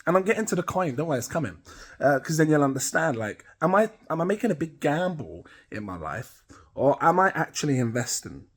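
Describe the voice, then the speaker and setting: A man's voice: fairly high pitch, big pitch swings, brisk, fairly bright tone, breathy edge. A middle-aged British man rambling casually to camera as a crypto channel host, chatty and self-amused. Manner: rambling, chatty, laughs at himself.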